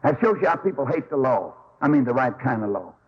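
A man preaching a sermon, telling stories in an animated, folksy way and acting out the quotes. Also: mid-range voice, fast, breathy edge, dull audio.

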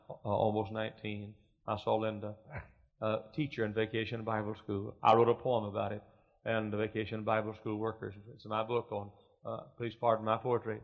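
Middle-aged pastor, folksy sermon voice that builds to loud preaching, dull lo-fi recording. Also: male voice, lowish voice, vocal fry. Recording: muffled lo-fi recording.

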